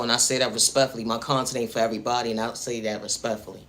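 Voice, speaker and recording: A spiritual vlogger, a man with a medium-pitched, slightly bright voice, delivers a preachy motivational monologue about faith and self-worth. He talks straight to the viewer in a flat, rapid-fire way, circling back again and again to the same refrains.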